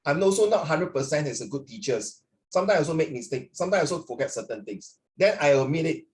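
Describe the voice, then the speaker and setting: A man teaching an online class as a tutor, talking in a rambling, animated way full of fillers, heard over a video call. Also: a little high, quick pace.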